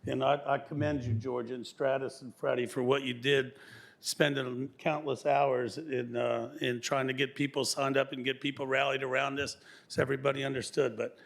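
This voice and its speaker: A man with a gravelly voice speaks into a podium microphone at a county meeting. He talks in a grateful, appreciative way and gives plain, direct praise. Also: medium pitch, little pitch movement, normal speed. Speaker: public commenter, local business owner. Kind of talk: public comment at a county meeting. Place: county board meeting room.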